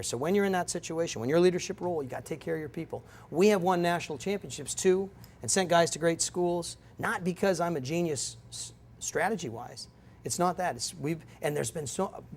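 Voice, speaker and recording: A middle-aged man giving a guest lecture, telling stories in a rambling, self-interrupting way. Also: fairly high pitch. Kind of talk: storytelling lecture. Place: lecture room.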